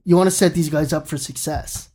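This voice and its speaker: Podcast co-host, male, somewhat higher voice, earnest and thinking out loud. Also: fairly even intonation, brisk. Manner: earnest, thinks aloud, restarts. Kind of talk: casual chat about hockey.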